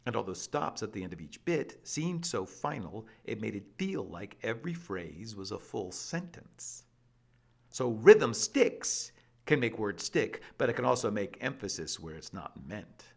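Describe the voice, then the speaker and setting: A man presenting an energetic scripted explainer with a lively, playful and emphatic delivery. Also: lowish voice, a little slow, creaky. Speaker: educational presenter.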